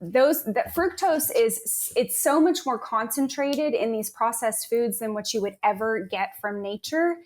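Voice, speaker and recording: A woman's voice: on the high side, unhurried, few pauses. Informative woman explaining health. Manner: informative, steady, explains health points clearly. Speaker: naturopath guest. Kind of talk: explanatory interview talk.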